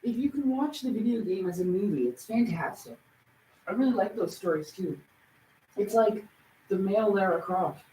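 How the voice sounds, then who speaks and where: A woman's voice: mid-range voice, lively intonation, moderate pace, mellow, slight background noise. A woman chatting casually on a livestream, rambling and laughing often. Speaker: livestream host.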